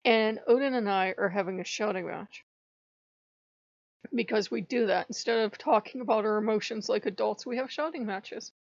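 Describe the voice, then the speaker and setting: A woman's voice: medium pitch, normal speed, dry recording, muffled recording. A woman vlogger telling a casual ranting story, swearing freely and often laughing. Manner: profane, laughing, animated.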